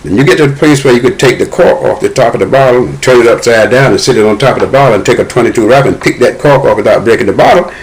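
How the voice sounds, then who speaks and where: An older man, telling a story from his childhood in an animated way and acting out the dialogue. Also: medium pitch, slight background noise, low-quality recording. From Southern United States. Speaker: interview guest.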